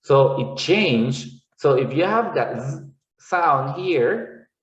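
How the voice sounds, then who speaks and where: A man's voice: on the high side, animated, slow, distant mic. A man teaching English pronunciation, explaining patiently and repeating sounds over and over to demonstrate them. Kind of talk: classroom-style lesson explanation. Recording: echoey room, slightly dull lo-fi sound.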